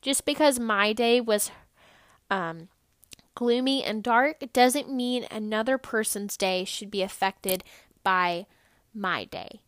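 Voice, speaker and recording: A young adult woman hosting a podcast, telling stories in an animated, bubbly and earnest way. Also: mid-range voice, slow, no room sound, studio quality. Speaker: podcast host. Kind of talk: upbeat motivational podcast talk.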